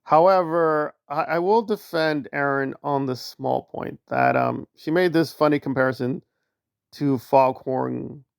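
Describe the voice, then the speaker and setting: Gravelly, wry male commentator. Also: mid-range voice, measured pace, no echo, studio quality. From northeastern United States. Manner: wry, sarcastic, digressive. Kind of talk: casual commentary vlog.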